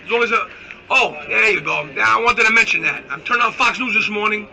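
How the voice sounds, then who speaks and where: Brash high-voiced New man ranting. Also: fast talker, vocal fry, rough recording. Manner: brash, loud, insulting, animated ranting. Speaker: political commentator in a clip. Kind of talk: ranting political monologue.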